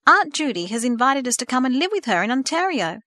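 A woman's voice: high-pitched, very animated, a little fast, pushed and bright, dry recording, voice pushed up, heavily acted. A woman voicing a weary, struggling single mother in a storybook reading. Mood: hopeful. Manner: earnest, pleading.

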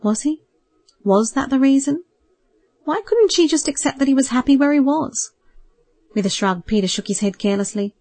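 Calm woman narrating a novel. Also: high voice, no echo. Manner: calm, measured storytelling. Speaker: audiobook narrator. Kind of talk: scripted narration.

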